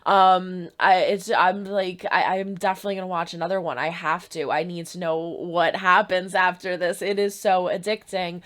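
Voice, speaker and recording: A woman talks straight to her viewers, recapping a drama episode in a loose, conversational way. She trips over her words, restarts her sentences, and lets her voice leap upward when something excites her. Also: moderate pace, few pauses. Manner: chatty, restarts often, stresses words with rising pitch. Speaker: reaction video host. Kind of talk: casual spoken recap of a TV episode.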